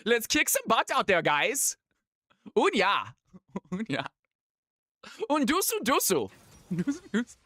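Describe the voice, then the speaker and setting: A man's voice: very high voice, huge pitch swings, slow pace, pauses often, pushed and bright, no room sound, clean studio sound, pitched above the performer's own voice, full character voice. A man putting on a pumped-up Finnish gamer guy with an exaggerated, goofy fake accent. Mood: hyped, silly.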